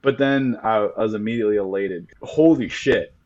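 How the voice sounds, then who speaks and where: Excitable man on a dull lo-fi mic. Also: fairly low pitch, moderate pace. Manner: animated, swearing, excited storytelling. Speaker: podcast co-host. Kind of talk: casual chat.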